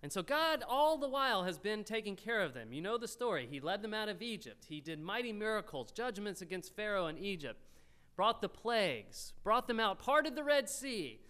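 Animated male pastor preaching. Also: high voice, moderate pace, clear, resonant tone. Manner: animated, rises loud when quoting the crowd. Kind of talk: sermon.

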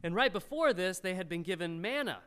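A male pastor delivering a sermon in a clear, resonant voice that sits a bit higher than most men's. His pitch swings widely, and he turns loud and animated whenever he acts out the people in the story. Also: fairly quick. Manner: animated, rises loud when quoting the crowd.

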